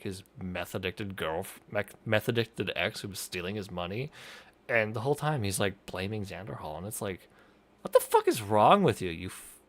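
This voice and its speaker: A man streamer talks over a video in loose, profane commentary, rambling and cutting himself off. His pitch swings widely as he talks. The sound is close and dry, with no room around it. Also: no room sound. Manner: rambling, swearing, frequent restarts and laughter.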